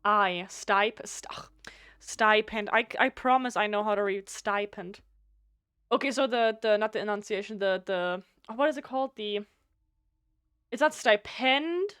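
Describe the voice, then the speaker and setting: A woman whose first language is German, streaming a game live, reading its text aloud and thinking out loud, often stumbling over words and restarting. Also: medium pitch, normal speed, clear, resonant tone, no room sound, clean studio sound.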